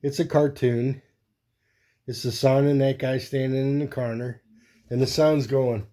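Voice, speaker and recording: A man's voice: mid-range voice, steady tone, measured pace, dark tone. A man hosting his own video, chatting casually and rambling as he shows off a stack of comic books one by one. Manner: rambling, easygoing, thinks aloud while flipping through comics. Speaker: host. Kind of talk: casual comic collection show-and-tell.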